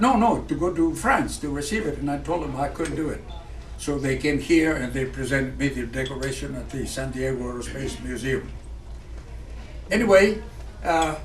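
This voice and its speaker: A man, a former pilot giving a speech. He talks in halting phrases full of fillers and restarts. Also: mid-range voice, slight background noise. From Greece. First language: Greek. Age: 90s. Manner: halting, with many fillers and restarts, earnest and patriotic. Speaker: guest speaker, retired fighter pilot. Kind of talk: speech to an audience. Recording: echoey room picked up from far off.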